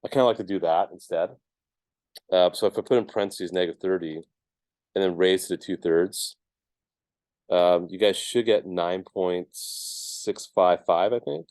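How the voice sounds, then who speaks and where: A man's voice: sits low, moderate pace, a little mellow, no room sound. A man teaching a math class, explaining each step casually with lots of ums and checks of "right?". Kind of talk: classroom lecture.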